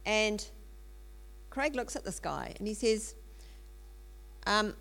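Earnest woman with a gravelly low voice. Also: normal speed. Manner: earnest, many ums and restarts. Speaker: speaker in a church teaching series. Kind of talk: sermon storytelling.

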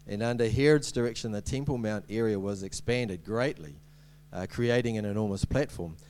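A man's voice: fairly low pitch, normal speed, a little mellow. A man giving a sermon as a preacher, in a conversational way with many ums and restarts and light humorous asides.

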